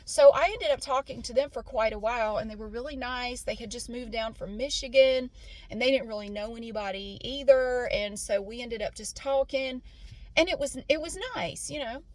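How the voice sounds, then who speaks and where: A woman's voice: a little high, normal speed, a little mellow, no room sound. Woman telling a story from her car. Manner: candid, swears freely, acts out quoted voices. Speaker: vlogger telling a personal story. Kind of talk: casual storytelling while driving.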